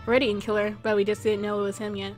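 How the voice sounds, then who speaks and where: A woman's voice: medium pitch, little pitch movement, fast, darkish tone, soft background music. A woman chatting casually and laughing easily while playing a video game with a friend. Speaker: game player. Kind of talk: casual gameplay chat.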